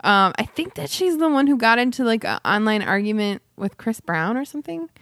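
A woman's voice: fairly high pitch, very animated, fairly quick, a bit bright, dry recording. A woman co-hosting a podcast, rambling playfully and laughing often while she chats. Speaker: podcast co-host. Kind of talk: casual chat.

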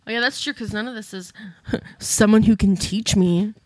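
A woman's voice: mid-range voice, moderate pace, a little mellow, dry recording. A woman co-hosting a podcast in casual chat, blunt and profane, often breaking into giggles. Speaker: podcast co-host.

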